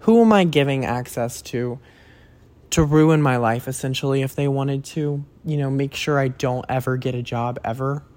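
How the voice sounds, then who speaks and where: A man's voice: mid-range voice, moderate pace, a little mellow. Rambling young man on a solo podcast. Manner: rambling, self-deprecating, frequent cursing and stammered restarts. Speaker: podcast host.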